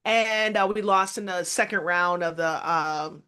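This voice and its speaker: A woman's voice: fairly low pitch, measured pace, pushed and bright, clear, resonant tone. A woman basketball coach being interviewed, telling her story emphatically and often quoting her own past words.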